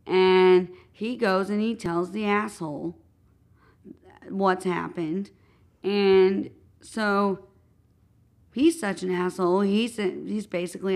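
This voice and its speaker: Woman podcast co-host, gravelly tone, earnest casual storyteller. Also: mid-range voice, fairly even intonation, slow, a little mellow. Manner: earnest, retelling events step by step.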